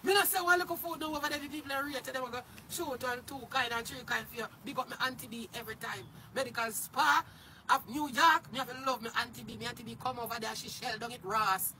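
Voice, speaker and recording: A Jamaican man ranting on a livestream in a high, bright, sharp voice. He curses hard and keeps breaking into shouts. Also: fast, slight background noise. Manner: loud, cursing, often shouting. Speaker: social media personality. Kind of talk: angry livestream rant.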